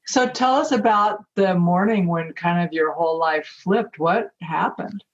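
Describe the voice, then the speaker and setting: A woman's voice: lowish voice, a little slow, highs cut off. Female podcast host, friendly and probing, interview style. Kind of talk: interview questions.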